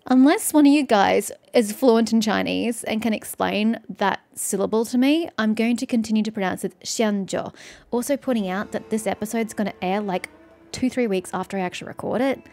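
A woman's voice: a little high, darkish tone. A woman hosting a game playthrough, chatting casually and musing aloud as she plays. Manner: chatty, musing, self-questioning. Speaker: let's-play host.

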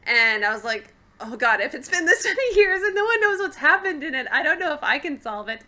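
A woman's voice: sits high, big pitch swings, a little fast, sharp tone. A young woman from Canada co-hosting a podcast, chatting casually, laughing often and trailing off mid-sentence. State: hiccuping. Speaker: podcast co-host. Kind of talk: casual chat.

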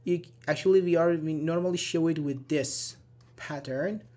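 A man's voice: fairly high pitch, normal speed, darkish tone. A man teaching English grammar in a live online class, explaining step by step, repeating examples and answering viewers' questions as they come in. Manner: repeats examples and checks understanding.

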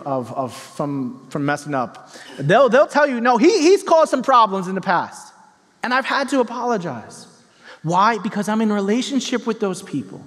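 A man's voice: high voice, a bit bright. A man preaching a sermon to his congregation, telling a story tenderly and earnestly. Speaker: pastor. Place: large church hall. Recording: long hall reverb.

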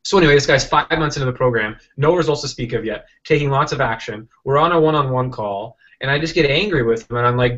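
A man as an interview guest, telling a rambling, animated story with many restarts and acted-out quotes over a video call. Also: medium pitch, fast talker, hardly any pauses, muffled recording. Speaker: interview guest, software entrepreneur.

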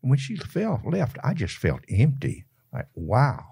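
A man's voice: mid-range voice, wildly swooping pitch, unhurried, creaky, warm tone, slightly rough. An older man with a Southern Georgia accent, a folksy interview guest telling colorful stories and often laughing mid-sentence. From Georgia, USA. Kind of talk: animated storytelling.

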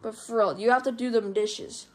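A woman's voice: a little high, fairly even intonation, a little mellow, voice pushed down, natural voice. A woman voicing a strict dad who halts and stumbles while ordering his kid to do chores, in a homemade fan movie. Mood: stern. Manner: stern, halting, stumbling over words.

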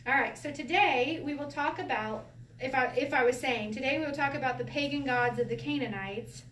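A woman with a fairly high voice teaches a Bible Hebrew class in a relaxed way, laughing and asking her listeners questions as she goes. She is heard from some distance in a roomy space, with a faint hiss underneath. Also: brisk. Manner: lively, laughs often, explains with rhetorical questions. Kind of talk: informal Bible class lesson. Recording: roomy echo from a distance, faint background noise.

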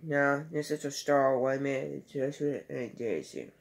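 A man's voice: mid-range voice, unhurried, gravelly. A man giving a casual home video movie review and retelling scenes in a rambling, loosely strung way.

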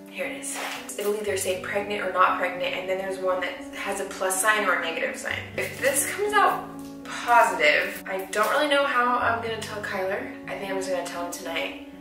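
A young woman talking excitedly to camera in a personal vlog, breathless and giddy, often dropping to a whisper. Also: medium pitch. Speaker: vlogger. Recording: roomy, distant from the mic, music behind.

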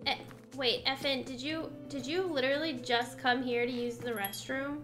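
A woman's voice: high-pitched, steady tone, normal speed, a bit bright, faint music behind. A woman streamer chatting casually over a simulation game, laughing often and exclaiming at what happens. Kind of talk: casual gameplay commentary.

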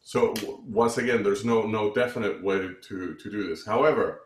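A man's voice: on the low side, moderate pace, reverberant. A man teaching music theory, explaining meter and counting beats aloud, with many restarts. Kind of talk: online music lesson.

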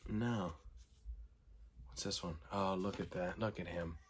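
A middle-aged man talking casually through an unboxing, excitable and often dropping to delighted whispers and gasps. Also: low-pitched, measured pace, a little hiss or hum. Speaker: collector vlogger.

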